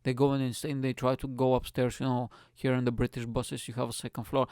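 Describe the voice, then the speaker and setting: A man's voice: medium pitch, level tone, fairly quick, hardly any pauses, darkish tone, clear, resonant tone, no room sound, studio quality. A man hosting a solo podcast, rambling and swearing as he jokes through topics. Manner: rambling, profane, jokey. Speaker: podcast host. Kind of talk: casual solo rant. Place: lives in Britain.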